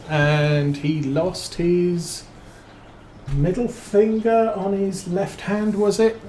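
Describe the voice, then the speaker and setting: A man tells a meandering story while he plays, trailing off into fillers and restarting his sentences. He talks slowly, and his voice echoes in a roomy space over a faint hum. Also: fairly high pitch, a little mellow. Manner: rambling, hesitant, many fillers and restarts. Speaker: streamer. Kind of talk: casual storytelling while playing a farming game.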